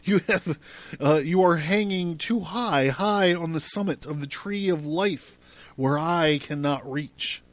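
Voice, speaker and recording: A man voicing a young woman who weeps and then turns wildly ecstatic, his voice pushed up high. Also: takes it slowly, no room sound. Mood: sobbing. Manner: sobbing, then shrill and giddy.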